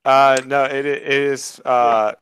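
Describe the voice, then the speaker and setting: A man's voice: mid-range voice, little pitch movement, slow, a bit bright. A man playing a tabletop game, politely asking careful rules questions. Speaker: player. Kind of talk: casual tabletop game chat.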